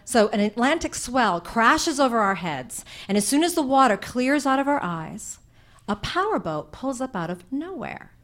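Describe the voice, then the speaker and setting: A young woman telling a comic personal story on stage, animated and chatty, with many fillers. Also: fairly high pitch, normal speed.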